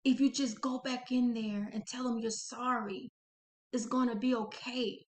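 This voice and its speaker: A woman voicing a gentle, reassuring inner voice of comfort. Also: a little high, fairly even intonation, measured pace, natural voice. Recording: echoey room.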